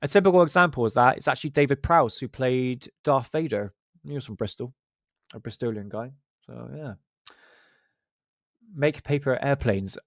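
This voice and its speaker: With a West Country accent from Southwest England, a male streamer keeps up casual, self-mocking banter on his livestream. His mid-range voice runs at normal speed with frequent pauses, and the sound is dry with no room noise.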